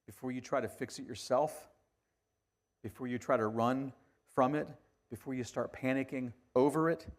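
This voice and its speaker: A man delivering a sermon as a pastor, talking conversationally and swinging from hushed, quiet lines to emphatic ones. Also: mid-range voice, steady tone, normal speed.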